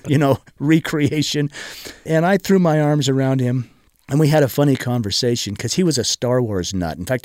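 A man's voice: mid-range voice, a little mellow, no echo, studio quality. A middle-aged man, a guest in an interview, telling a personal story in an earnest, emotional way, often stopping and restarting his sentences.

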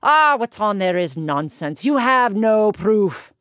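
Woman playing old king, gruff, dismissive, low, lively pitch. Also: slow pace, no room sound, studio quality, heavily acted.

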